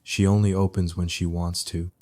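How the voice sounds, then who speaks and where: A man voicing a weary, mysterious stranger who speaks deep, quiet and hoarse. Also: little pitch movement, normal speed, no echo, lightly acted. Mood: hushed, weary.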